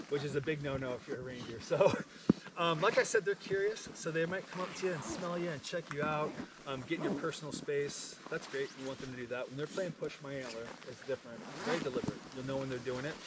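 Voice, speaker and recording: A man working as a reindeer farm guide, talking visitors through the tour outdoors in a playful, animated way that acts out the animals. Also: medium pitch, distant mic. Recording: noisy outdoor recording.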